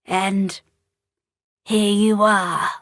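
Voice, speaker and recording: A woman voicing a kindly female monster mayor with a low, growly voice, speaking slowly and solemnly in a storybook reading. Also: flat delivery, fairly bright tone, dry recording, studio quality. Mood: gentle, solemn.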